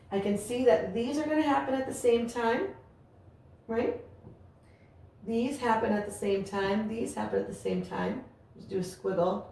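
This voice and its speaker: In a very echoey room with a faint hum of ambient noise, a mellow mid-range female voice walks through rhythms. She chants the syllables aloud and encourages her students.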